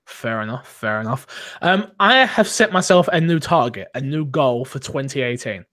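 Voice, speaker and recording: A man's voice: medium pitch, normal speed. A man hosting a casual gaming podcast, joking and teasing with mock boasts. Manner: animated, joking, self-mocking boasts. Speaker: podcast host and streamer.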